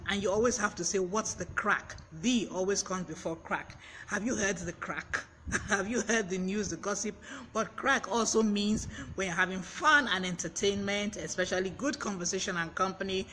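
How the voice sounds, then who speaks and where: A man hosts a live-streamed word lesson, his voice pitched high and bright. He is chatty and breaks off to greet viewers by name. A faint fan hums behind him. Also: slight background noise. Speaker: vocabulary teacher on a live stream. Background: fan blowing.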